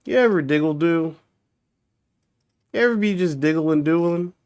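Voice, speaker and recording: A man's voice: on the high side, normal speed, darkish tone, clean tone. A young man streaming, chatting casually and joking with made-up nonsense words. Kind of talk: casual livestream chat.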